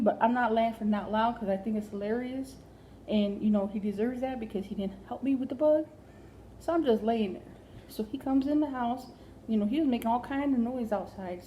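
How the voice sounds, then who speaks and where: Woman comic storyteller, mellow and fairly high, animated, whispery asides. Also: slight background noise, low-quality recording. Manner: animated, drops to whispers for effect. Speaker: stand-up comedian.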